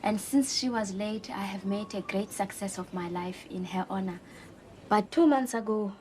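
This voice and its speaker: A woman's voice: mid-range voice, normal speed, darkish tone, slight background noise, close to an everyday voice. A woman playing an earnest, polite young woman client telling her family story.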